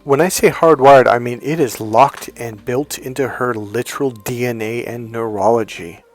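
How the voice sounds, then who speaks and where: A man coaching on dating, telling a personal story in a lively way and raising his voice high to quote his girlfriend. Faint music plays behind him. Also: moderate pace. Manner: animated storyteller, high-pitched when quoting his girlfriend. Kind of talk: storytelling monologue.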